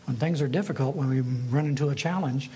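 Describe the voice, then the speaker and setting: A man, a pastor, preaching a sermon in a measured way and putting rhetorical questions to his congregation. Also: medium pitch, warm tone, a little hiss or hum, poor audio.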